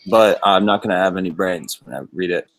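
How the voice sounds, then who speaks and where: Hoarse, low-voiced man on a call. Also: brisk, fairly bright tone, poor audio. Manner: laid-back, rambling with many likes. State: hoarse from smoking. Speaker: guest on a video call. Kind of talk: casual chat. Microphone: video call.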